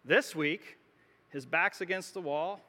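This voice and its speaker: High, bright-voiced man preaching in a hall. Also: slow pace. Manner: conversational preaching with restarts. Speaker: pastor. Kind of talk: sermon. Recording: long hall reverb.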